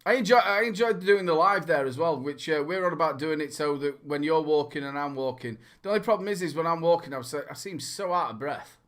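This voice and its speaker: A man's voice: a little high, fairly quick, hardly any pauses. A young man co-hosting a charity livestream in casual chat, telling stories with lots of laughter. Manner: animated storyteller, laughs a lot.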